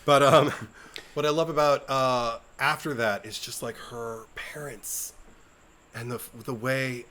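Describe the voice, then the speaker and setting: A man's voice: medium pitch, steady tone, takes it slowly, sharp tone, slight background noise. A man on a podcast, chatting casually and acting out film lines in exaggerated voices. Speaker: podcast co-host. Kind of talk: casual chat.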